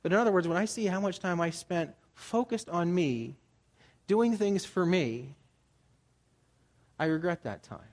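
A man in his forties giving a sermon as a pastor, talking in a conversational way and jumping higher for emphasis. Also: a little slow, pauses often. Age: 40s. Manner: conversational, animated, jumps into higher pitch for emphasis.

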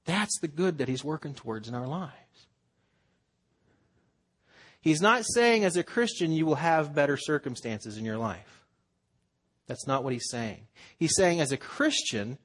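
A man's voice: mid-range voice, lively intonation, normal speed, husky. A man preaching a sermon in an earnest, conversational way, acting out quotes as he goes. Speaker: pastor.

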